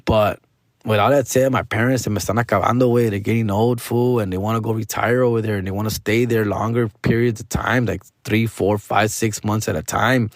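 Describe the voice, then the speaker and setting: A man's voice: lowish voice, a little fast, no echo, studio quality. Slangy, profane man venting on a podcast. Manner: slangy, profane, mixes Spanish into his English; frustrated, venting. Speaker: comedian podcast host. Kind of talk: casual comedic rant.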